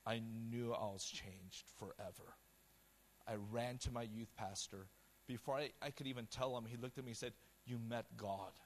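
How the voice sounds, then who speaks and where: A man preaching a sermon, telling a personal testimony with quoted dialogue in a passionate, loud style. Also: medium pitch, fairly even intonation, normal speed, slight background noise. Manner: storytelling with quoted dialogue, repeated words.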